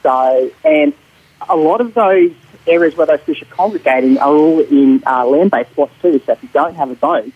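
A male Australian fisherman giving a radio fishing report, relaxed and rambling with lots of fillers. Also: a little high, normal speed, slightly rough, dry recording, lo-fi sound.

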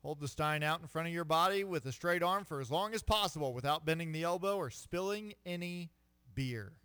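A man co-hosting a sports radio show, reading odd trivia aloud in a deadpan way and stumbling over foreign words. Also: fairly high pitch, brisk, smooth, dry recording. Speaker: radio co-host. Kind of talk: casual sports radio banter.

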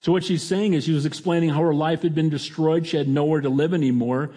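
A man's voice: fairly high pitch, fairly even intonation, fast talker, mellow. A middle-aged male pastor preaching a sermon in a conversational way, often restarting his sentences.

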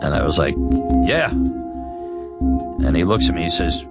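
A man telling a personal story, animated and self-deprecating, laughing as he goes. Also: a bass voice, slow pace, long pauses, over loud music. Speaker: storyteller recounting his youth.

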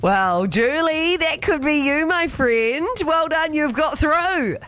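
Lively upbeat female radio host. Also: high-pitched, slow, soft background music. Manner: upbeat, soothing with callers. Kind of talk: radio show chat.

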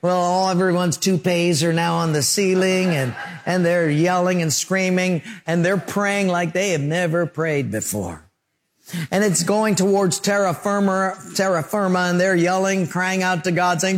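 A middle-aged male pastor preaching a sermon, telling lively stories with sound effects and acted-out quotes. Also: high voice, normal speed, long reverb tail.

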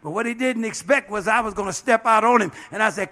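Man, bishop preaching, very high voice, bright tone, fervent sermon, amen after amen. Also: fast. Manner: impassioned preaching with frequent amens and calls to the congregation. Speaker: bishop and pastor.

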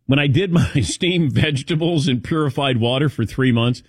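A man's voice: medium pitch, normal speed, slightly rough, dry recording, clean studio sound. A man hosting a casual chat show, telling rambling personal stories. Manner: rambling anecdotal storytelling. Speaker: host.

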